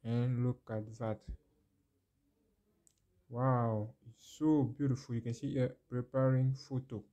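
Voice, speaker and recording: A man's voice: medium pitch, little pitch movement, slow pace, dark tone, muffled recording. A man hosting a phone tech tutorial, walking the viewer through steps, repeating phrases and exclaiming over the results. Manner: addresses viewer directly with questions. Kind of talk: screen-recorded how-to walkthrough.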